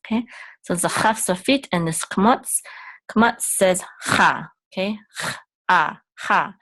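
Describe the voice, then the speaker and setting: A woman teaching a Hebrew reading lesson step by step, patient and halting, with frequent ums and self-corrections. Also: medium pitch, fairly bright tone.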